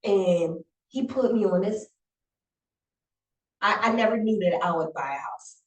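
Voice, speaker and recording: A woman talks casually as an interview guest, animated and heartfelt, slipping into the voices of people she quotes. Her voice sits at a middle pitch and carries an echo off the room, sounding as if she is a little way from the mic. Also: measured pace. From South Carolina Lowcountry. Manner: animated, acts out quotes, emotional and grateful. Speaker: guest, private chef and business owner. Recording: echoey room, voice from a distance.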